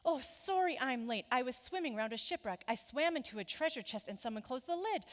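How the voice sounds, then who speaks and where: A bright, eager little boy fish tells tall tales in a breathless rush, his voice high and bouncing all over. A woman puts him on while reading a storybook aloud. It rings out in a big hall with a long echo. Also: lively intonation, brisk. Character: small boastful boy fish, fanciful storyteller.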